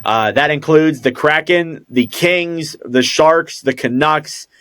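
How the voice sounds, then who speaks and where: A man's voice: on the high side, takes it slowly, a bit bright. A man co-hosting a podcast, chatting casually about hockey and often hedging. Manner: rambling, hedging. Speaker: podcast co-host. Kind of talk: casual sports chat.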